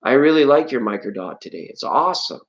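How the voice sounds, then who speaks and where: Live tarot host, loose and playful, jokes while greeting chat, voice leaps high when worked up. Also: animated, fast, rough recording. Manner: rambling, playful and jokey; greets and answers viewers from chat. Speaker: tarot reader hosting a live stream. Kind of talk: live-stream chat with viewers.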